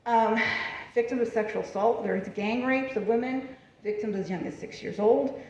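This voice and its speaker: A woman lecturing on history at a library event, chatty and lively, laughing often and checking in with the audience as she moves through her slides. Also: a little high, moderate pace. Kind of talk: public library talk with slides. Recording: far from the mic, roomy and dull.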